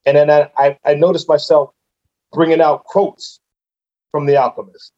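Animated guest man, dull muffled sound. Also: on the high side, moderate pace. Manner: animated, acts out his own reactions in quotes. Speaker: podcast guest, businessman. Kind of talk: casual storytelling in conversation.

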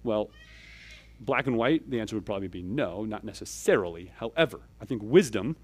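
A man, a church elder, preaching a conversational sermon. He explains step by step, keeps checking in with "okay?" and "right?", and moves between louder emphatic pushes and quiet asides. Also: lowish voice, expressive, fairly quick, slightly rough.

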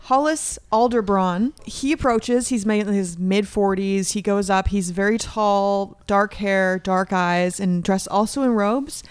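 A woman's voice: medium pitch, unhurried, few pauses, clear, resonant tone, no room sound. A woman player describing her character in a tabletop game with a joking, teasing manner.

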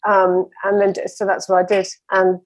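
A woman's voice: medium pitch, completely flat delivery, moderate pace, dry recording. A woman telling her running story with enthusiasm, rambling a little as a guest in a conversation. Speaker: interview guest.

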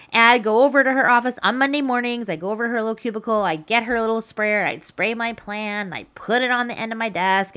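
Bright, chatty woman podcast host. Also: medium pitch. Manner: chatty, animated, laughs while telling a story. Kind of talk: casual storytelling monologue.

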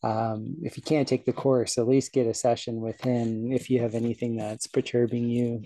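A man's voice: medium pitch, flat delivery, normal speed, mellow, no room sound. A man from South Florida, a podcast host, rambling cheerfully through a casual outro and laughing at his own slips.

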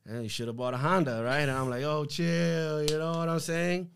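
A man giving a casual faith testimony as a podcast guest, slangy and animated, acting out what people said to him. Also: on the high side, a little fast, slight background noise. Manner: animated, slangy, acts out quoted dialogue.

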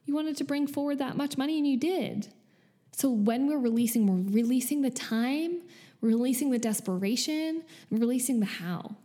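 A woman's voice: high-pitched, normal speed, warm tone. A young woman hosting a podcast on her own, talking casually and with enthusiasm, now and then acting out the voices of other people. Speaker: podcast host. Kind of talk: casual spiritual podcast monologue.

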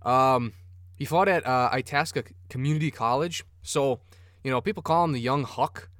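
A man's voice: mid-range voice, moderate pace, fairly bright tone, no room sound, clean studio sound. A man hosting a sports podcast, rambling casually and cursing freely. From Minnesota. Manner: profane, rambling, enthusiastic. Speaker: podcast host.

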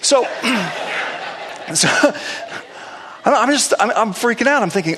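A male pastor telling a story in a sermon, animated, with playful asides. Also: very high voice, slow, long pauses, slightly rough. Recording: long reverb of a large hall.

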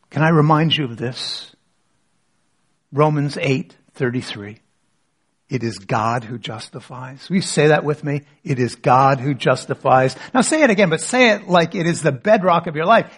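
Husky-voiced pastor preaching. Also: male voice, on the high side, fairly bright tone. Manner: rhetorical questions, leads the congregation in reading. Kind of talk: sermon.

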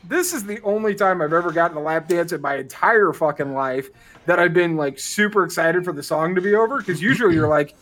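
A man's voice: a little high, expressive, fairly quick, a bit bright, slight background noise. An American man on a podcast telling a story in casual chat, acting out the people he quotes and swearing freely. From United States. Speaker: podcast co-host.

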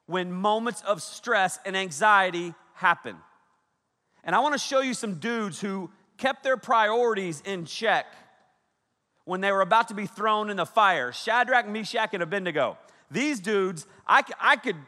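Bright-voiced youth pastor in a reverberant hall. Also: male voice, high-pitched. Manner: animated storytelling, shouting quoted lines, frequent laughs. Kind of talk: youth sermon. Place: large hall with a big audience. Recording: echoey hall with long reverb.

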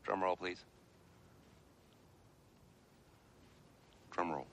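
A man's voice: low voice, brisk, a bit bright. An actor playing a proud, middle-aged family dad who makes grandiose, showman-like announcements in a comedy film. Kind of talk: 1980s comedy film acting.

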